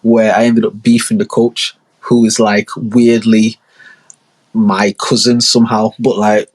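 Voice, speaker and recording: Young man, husky voice, casual slangy storytelling, rambling podcast monologue. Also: on the low side, flat delivery, a little slow. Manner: slangy, rambling, full of asides and acted-out quotes. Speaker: podcast host.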